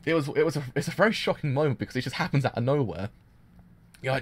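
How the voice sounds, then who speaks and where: Animated, gushing male reaction streamer. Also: mid-range voice, fast. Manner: excitable, gushing, many restarts and fillers. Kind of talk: casual live reaction commentary.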